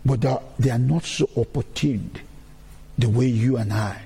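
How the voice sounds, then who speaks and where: A man's voice: medium pitch, normal speed, vocal fry, warm tone, husky, long reverb tail. A man giving a sermon-style testimony in a church, repeating key phrases as he preaches.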